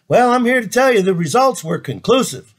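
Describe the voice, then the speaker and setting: A man's voice: extremely high pitch, very animated, brisk. A man, hosting and telling a folksy, joking comic story. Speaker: comedian host.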